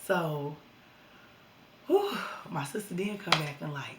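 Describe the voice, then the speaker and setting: A young woman telling a casual storytime vlog to her viewers, animated and slangy. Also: deep voice, slow pace, reverberant, heavy background noise.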